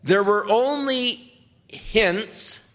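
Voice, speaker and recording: A man's voice: high-pitched, drawn-out words, a bit bright. An older man, a pastor, teaching through the Bible verse by verse and retelling scripture in casual everyday words. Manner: conversational, paraphrasing scripture in casual everyday speech.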